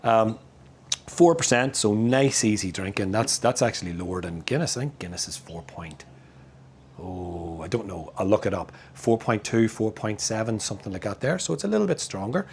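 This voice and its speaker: Out in his backyard, a middle-aged Northern Irish man laughs and chats casually while reviewing a beer. He speaks at a normal speed in an animated, lowish voice, with a faint hiss or hum in the background.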